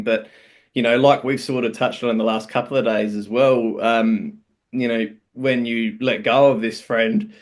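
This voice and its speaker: Thoughtful Australian man hosting a podcast. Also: mid-range voice. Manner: thoughtful, reassuring reflections. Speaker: podcast host. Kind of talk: podcast interview chat.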